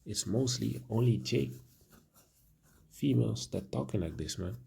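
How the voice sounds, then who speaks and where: A man giving halting preaching commentary, repeating words and ending phrases with "man". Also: mid-range voice, vocal fry, mellow, husky. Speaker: religious commentator.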